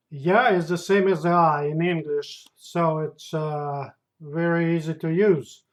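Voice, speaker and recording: A man's voice: a little high, slow pace. A man with a Russian accent teaching a language lesson, saying each word with care and repeating it several times. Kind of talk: slow spoken language lesson.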